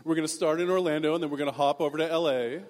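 Snooty rich teenage boys trade boasts in a posh, drawling voice, as a man puts them on. The voice rides a little high and loud. A long reverb trails behind it, as in a big hall. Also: fairly even intonation, very fast, close to an everyday voice.

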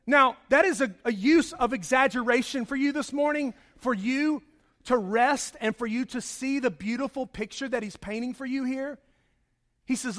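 A man's voice: very high voice, moderate pace, fairly bright tone. A man preaching a sermon to his congregation, telling a story conversationally and then raising his voice with emphasis. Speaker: pastor. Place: church service.

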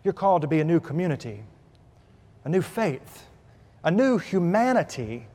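A man preaching a sermon as pastor, telling a humorous story with lively shifts in loudness and pitch. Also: normal speed. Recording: preached in a hall with long reverb.

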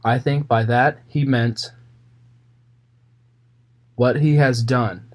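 A man reads Bible passages aloud and then explains them in plain, casual language, with fillers and small restarts. His mid-range voice stays steady and he takes it slowly.

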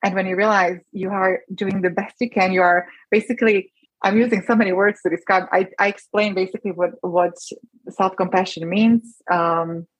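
Her voice is mid-range and husky, with fairly even intonation at a moderate pace; the recording is low quality with no room sound. As a rheumatologist guest in a conversational interview, she speaks with earnest feeling and frequently starts her sentences over.

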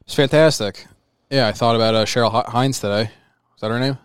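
A young man co-hosting a comedy podcast, answering with deadpan, teasing remarks. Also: medium pitch, fairly quick, smooth, no echo, clean studio sound. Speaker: podcast co-host. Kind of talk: dry comedic podcast banter.

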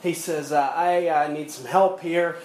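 A man's voice: a little high, fairly even intonation, unhurried, darkish tone, slight background noise. A pastor preaching a sermon, telling a story between quoted scripture and chuckling as he goes. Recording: echoey room.

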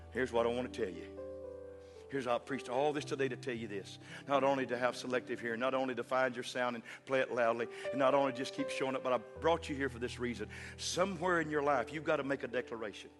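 Male pastor, mid-pitch, repetitive sermon cadence, music under the voice. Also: a little fast. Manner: rhythmic, repetitive preaching cadence with call-outs. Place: church sanctuary. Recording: long hall reverb with instrumental music. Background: instrument playing under the sermon.

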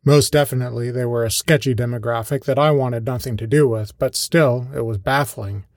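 A man's voice: mid-range voice, steady tone, fairly quick, dry recording. Wry man narrating, very dry close sound. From American Midwest. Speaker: podcast host and narrator. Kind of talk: scripted first-person storytelling.

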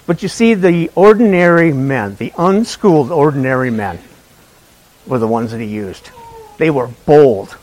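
Preaching an Easter sermon in a conversational style, a man asks the congregation questions and tells a funny personal story. His fairly high voice is animated but a little slow, with long pauses, and the audio quality is poor.

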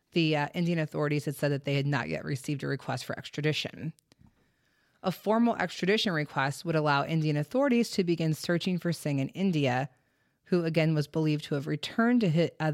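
The host of this true crime podcast is a woman with a deep voice. She narrates the case in relaxed, chatty talk, dropping fillers and the odd curse. The sound is dry and studio-clean.

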